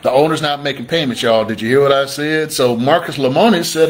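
A man teaches real estate investing on a livestream in a mid-range voice, brisk and with few pauses. He's energetic and repetitive in a call-and-response style, sometimes acting out his viewers' questions.

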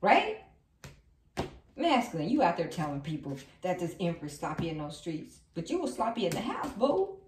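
A woman's voice: fairly low pitch, very animated, a little fast, a little mellow, slight background noise. Woman, tarot reader, sassy and emphatic, repeats herself, echoey room, off-mic. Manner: sassy, emphatic, repeats lines, breaks into laughter. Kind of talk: casual tarot reading to viewers. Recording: roomy sound, distant from the mic.

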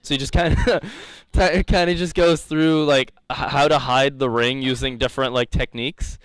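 Smooth, jokey male coding instructor. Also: medium pitch, steady tone, moderate pace, no room sound. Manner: rambling, jokey, laughs often. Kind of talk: live coding lecture.

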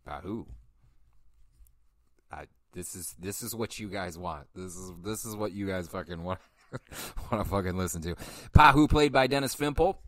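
A man's voice: low-pitched, lively intonation, normal speed, pauses often, a bit bright, no echo, studio quality. A man hosting a film podcast, chatting casually in a rambling, profane way and often correcting himself. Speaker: podcast host. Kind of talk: casual film review chat.

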